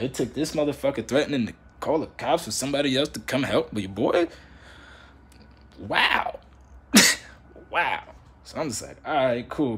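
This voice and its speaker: A man's voice: medium pitch, a little hiss or hum. A young man telling a casual, slang-heavy story and acting out the back-and-forth of an argument. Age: young adult. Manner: animated slangy storytelling, acts out both sides of the dialogue. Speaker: vlogger.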